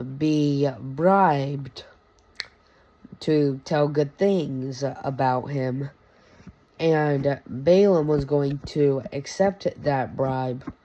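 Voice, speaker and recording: Slow, casual young-sounding Bible explainer man. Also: mid-range voice, a little mellow, poor audio. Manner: casual, slangy, stumbles and corrects himself. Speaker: video creator teaching the Bible. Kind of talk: casual Bible lesson video.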